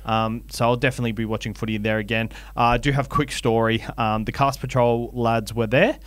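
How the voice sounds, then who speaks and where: Lively Australian bloke telling a yarn. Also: male voice, mid-range voice, fairly quick, clean tone, no echo. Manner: animated storyteller, laughs often. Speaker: podcast co-host. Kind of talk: casual chat, storytelling.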